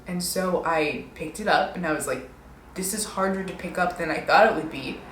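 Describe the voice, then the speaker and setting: At a moderate pace and fairly low pitch, a vlogger in her twenties tells rambling, self-deprecating stories peppered with "like." The recording sounds roomy, with a little hiss or hum.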